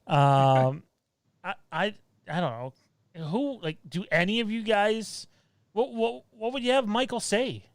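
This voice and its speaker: A man hosting a loose live-stream chat with a slightly high, smooth voice. He rambles, laughs often and restarts his sentences. The sound is close and dry. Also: a little slow, dry recording. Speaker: podcast host.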